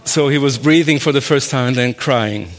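A man telling his own faith story in an earnest, halting way, often restarting his sentences and breaking into short laughs. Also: mid-range voice. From raised in a Muslim family. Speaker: speaker sharing a personal faith story. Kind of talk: personal testimony talk.

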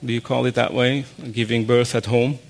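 Guy sharing his testimony, earnest and halting, keeps restarting sentences, mid-pitched voice. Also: flat delivery, vocal fry. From raised in a Muslim family. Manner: earnest, halting, with frequent restarts and short laughs. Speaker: speaker sharing a personal faith story. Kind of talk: personal testimony talk.

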